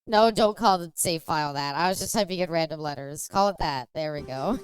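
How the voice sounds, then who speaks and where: A woman's voice: low voice, fairly quick, over music. A young Canadian woman with a Canadian accent giving chatty, giggly commentary while streaming a game. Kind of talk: gameplay commentary.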